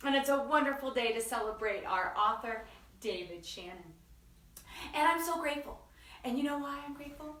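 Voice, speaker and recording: A woman's voice: fairly high pitch, a little fast, far from the mic. Sing-song woman hosting children's story time. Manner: animated, sing-song, leads call-and-response. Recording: echoey room, voice away from mic.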